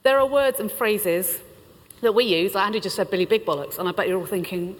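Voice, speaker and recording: A British woman from the United Kingdom gives a chatty, playful talk to an audience in a large conference hall, laughing between lines. Her mid-range voice moves a little fast, and the hall's reverberation is audible on the recording.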